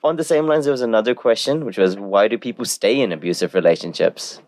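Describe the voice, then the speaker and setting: A male podcast host reading out listener questions and segueing briskly between topics. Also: on the low side, a little mellow, no room sound, studio quality.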